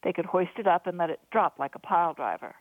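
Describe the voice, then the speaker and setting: Female author-narrator, steady storytelling, thin phone-like dry sound. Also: fairly low pitch, fast, dry recording. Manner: steady storytelling, lively voices for dialogue. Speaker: author reading her own novel. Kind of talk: audiobook narration.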